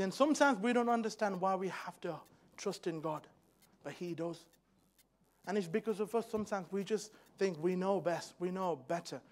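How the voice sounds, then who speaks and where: High-voiced preacher in a church. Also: male voice. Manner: builds from soft, hushed storytelling to loud, fervent exhortation. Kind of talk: sermon. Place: church hall.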